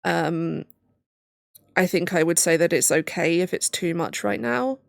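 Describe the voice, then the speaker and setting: Young woman near tears, low-pitched, nervous laughs, dry close sound, casual stream chat. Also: unhurried, creaky, no room sound. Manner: tearful self-talk with nervous laughs. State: on the verge of tears. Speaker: livestreamer and PhD student.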